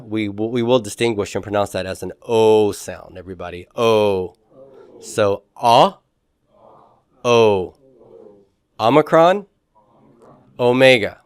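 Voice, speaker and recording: Brief: male lecturer, unhurried delivery, smooth resonant voice, dry sound, repeats pronunciations for the class. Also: on the low side, no room sound. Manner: slow, repeats pronunciations, many fillers, quizzes the class. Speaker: Greek teacher.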